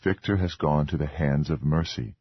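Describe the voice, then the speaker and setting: A man voicing a meek, earnest young wife with a soft, pleading, formal way of speaking. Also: very deep voice, moderate pace, husky, no room sound, dull audio, pitched below the performer's own voice.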